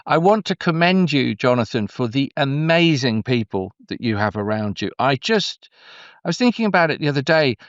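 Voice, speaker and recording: A middle-aged Englishman muses aloud at a medium pitch, wandering from thought to thought with warm enthusiasm and frequent restarts. His voice comes through a slightly muffled, dull line, and it sounds close and dry with no room around it. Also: big pitch swings, moderate pace, no room sound. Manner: meandering, effusive, full of restarts. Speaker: guest storyteller. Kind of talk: conversational interview.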